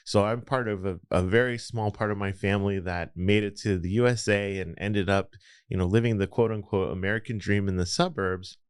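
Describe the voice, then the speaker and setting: A man's voice: fairly low pitch, steady tone, brisk, clean tone, dry recording, studio quality. A man, telling his story as a podcast guest in a reflective, rambling way. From Los Angeles area. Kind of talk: casual interview storytelling.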